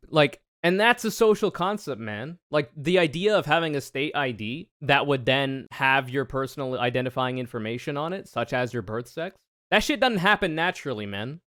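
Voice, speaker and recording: Brief: male streamer, mid-pitched voice, dry close sound, sarcastic and swearing freely. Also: dry recording. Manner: profane, sarcastic, animated ranting. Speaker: streamer reacting to debate clips. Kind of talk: casual reaction commentary.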